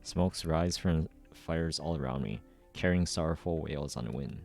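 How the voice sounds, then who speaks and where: A man's voice: rumbling low, normal speed, gravelly, darkish tone, faint music behind. A man reading a frightened young schoolgirl fleeing a burning city, in a tense inner monologue. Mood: shaken. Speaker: reader. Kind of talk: amateur story readthrough.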